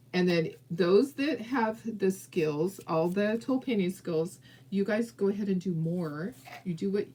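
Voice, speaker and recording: A woman's voice: mid-range voice, a little mellow, rough recording. Friendly woman craft host, mid-range voice, chatty and upbeat, speaks right to viewers, slight background noise. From southern California. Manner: chatty and encouraging, talks straight to viewers, laughs often. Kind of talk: casual crafting livestream chat.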